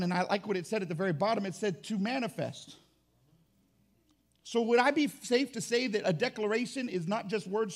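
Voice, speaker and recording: High-pitched gravelly preacher man. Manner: emphatic, rising to shouts. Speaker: pastor. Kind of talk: sermon.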